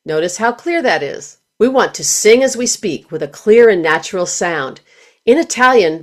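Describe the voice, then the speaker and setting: A woman with a slightly low voice narrates a singing lesson in a clear, measured way. She explains each step carefully, as if reading a prepared script. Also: lively intonation. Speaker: voice teacher.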